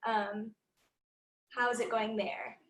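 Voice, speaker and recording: A woman's voice: a little high, little pitch movement, takes it slowly, a bit bright, roomy sound. A young woman moderating an online panel, polite and full of ums.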